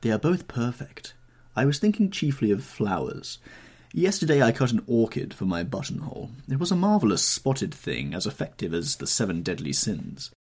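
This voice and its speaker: A languid, epigram-loving gentleman, played by a man reading aloud, drawling his paradoxes with wry amusement. The voice sits somewhat above the reader's low, husky own and moves lively through each line. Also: normal speed. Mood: amused. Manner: drawling, pronouncing witty paradoxes.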